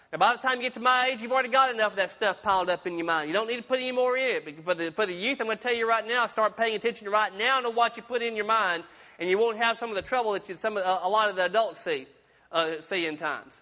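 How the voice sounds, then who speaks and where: Bright high-voiced man preaching a sermon. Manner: folksy, conversational preaching with humorous asides. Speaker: pastor. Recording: long reverb of a large room.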